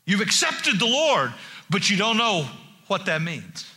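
A male pastor delivers a sermon in a chatty, joking way, restarting phrases as he goes. His voice sits high and very bright. He swings up and down in pitch and slips into the Bible figures he quotes. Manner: animated, acts out Bible figures in quick asides; jokey and conversational, with many restarts.

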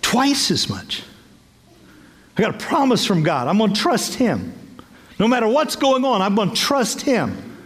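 A man in his sixties, a bishop preaching a sermon with playful, animated storytelling and acted-out voices. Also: high voice, measured pace, long pauses, in a large hall. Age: 60s.

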